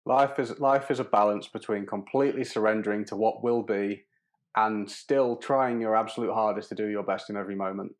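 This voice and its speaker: Earnest man with a lowish voice. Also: steady tone, brisk. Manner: earnest, philosophical, with repeated words. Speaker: podcast guest. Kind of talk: casual conversation.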